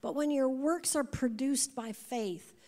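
A woman in her fifties preaching a sermon to a congregation, animated, repeating words and putting questions to the room. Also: sits high, a little slow. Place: church before a congregation. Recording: long hall reverb.

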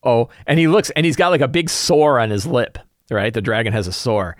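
A man's voice: medium pitch, lively intonation, brisk, no room sound, studio quality. A man recapping his tabletop campaign as game master in a rambling, casual way. He fills his talk with "like" and "right?" and chuckles as he tells it. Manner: chuckles while telling.

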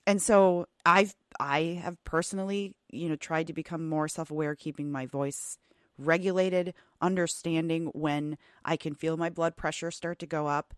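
A woman's voice: low-pitched, moderate pace, clear, resonant tone, no room sound, studio quality. A woman hosting a podcast interview, talking casually and rambling through stories with lots of fillers and restarts. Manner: animated storytelling about family. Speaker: podcast host.

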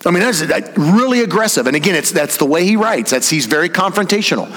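A man's voice: high-pitched, expressive, fast talker, a bit bright. A pastor preaching a sermon in a church service, talking conversationally and making teasing asides while he explains the grammar of a verse. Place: church sanctuary during a service. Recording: long hall reverb from a church sanctuary.

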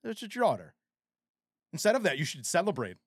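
A man co-hosting a podcast in casual chat, animated and rambling, with frequent swearing. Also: high-pitched, fairly quick, breathy edge, no room sound, studio quality. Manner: animated, profane, rambling storyteller. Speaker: podcast co-host.

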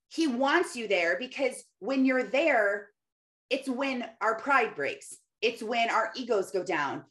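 A woman's voice: on the high side, fairly bright tone. A woman in her thirties giving a casual, earnest faith-based encouragement talk, laughing often and quoting scripture. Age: 30s.

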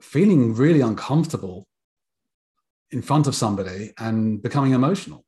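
British male therapist, measured. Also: mid-range voice, expressive, a little mellow. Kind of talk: casual conversation.

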